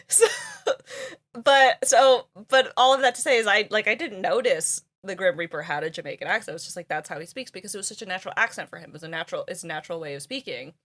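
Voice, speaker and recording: A woman's voice: mid-range voice, expressive, fast, a bit bright. A woman co-hosting a podcast, chatting casually with many fillers and frequent laughter. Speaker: podcast co-host. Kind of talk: casual chat.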